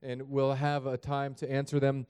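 A man's voice: medium pitch, completely flat delivery, moderate pace, darkish tone, clean tone. A man preaching a sermon in a chapel, praying and reading scripture in an earnest, plain-spoken way that speaks straight to the congregation. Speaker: pastor.

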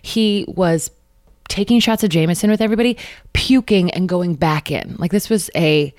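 A woman's voice: fairly low pitch, normal speed, a little mellow, dry recording, studio quality. A woman comedian from San Francisco, a guest telling stories in a casual chat, self-deprecating. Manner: chatty storyteller, self-deprecating. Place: home kitchen.

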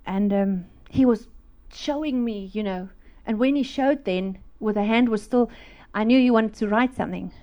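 A middle-aged woman, telling a fervent church testimony in an animated, storytelling way. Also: medium pitch, normal speed, hardly any pauses, muffled recording. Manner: animated storytelling, laughing, acting out voices; fervent, preaching. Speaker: speaker giving a testimony.

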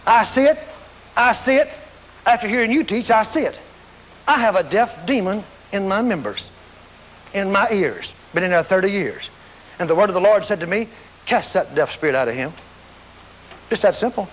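Animated high-voiced male preacher in a hall. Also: moderate pace. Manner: animated, acts out scenes and voices, laughs along. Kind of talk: storytelling sermon.

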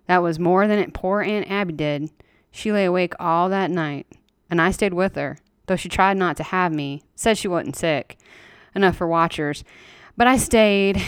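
A woman's voice: lowish voice, clean tone, no echo, studio quality. A woman storyteller giving a dramatic reading of a horror story in rural dialect, telling it in a blunt, indignant, folksy way.

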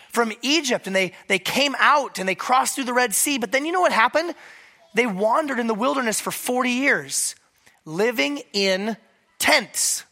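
A middle-aged pastor with a cold, preaching a sermon to a church that meets in a high school, relaxed and joking between points. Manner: conversational with joking asides. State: hoarse from a cold.

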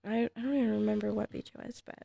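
A young woman, a fighter guest on a podcast, tells stories in a rambling, casual way full of fillers and grows excitable in the tense parts. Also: mid-range voice, very fast, gravelly. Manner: rambling, filler-heavy, excitable when retelling scares. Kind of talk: casual storytelling chat.

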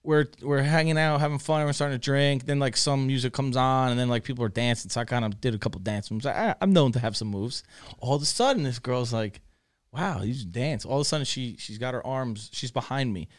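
A man's voice: mid-range voice, fast, clear, resonant tone. A man, a guest on a casual podcast, telling a crude, profane anecdote with lots of swearing and laughter, in a mid-range voice. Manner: laughs through his own story. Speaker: guest storyteller.

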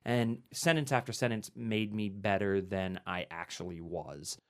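A man's voice: on the low side, fairly even intonation, unhurried. A male author talking in an interview in an earnest, articulate and enthusiastic way. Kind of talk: conversational interview.

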